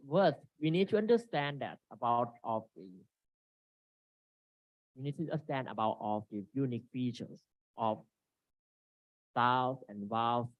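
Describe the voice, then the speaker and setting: Halting man presenting a seminar. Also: mid-range voice, dry recording. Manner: halting, reads from slides with frequent restarts. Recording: dry, dull lo-fi recording.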